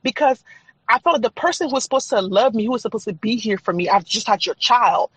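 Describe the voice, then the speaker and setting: A woman's voice: on the high side, expressive, fast talker, breathy edge, no room sound, low-quality recording. A woman guest on a podcast, a faith and trauma coach, telling her personal story in an earnest, candid, chatty way. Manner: earnest, candid, chatty with frequent fillers and laughs.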